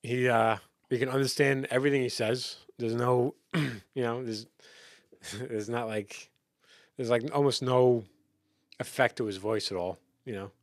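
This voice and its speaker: A man in a relaxed podcast conversation, his voice sitting at an ordinary middle pitch. He talks loosely and rambles, leaning on fillers like "like" and "um" and restarting his sentences. The recording is dry and close, with no room sound. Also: measured pace, no room sound. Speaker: podcast host. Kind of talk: casual chat about music.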